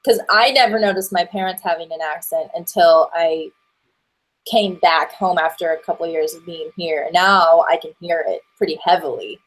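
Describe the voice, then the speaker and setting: A woman in her twenties, an actress and voiceover performer, chatting as a guest in a relaxed, rambling way with plenty of fillers. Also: on the low side, moderate pace, low-quality recording. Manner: rambling, many fillers and restarts, stop-start. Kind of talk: casual interview chat.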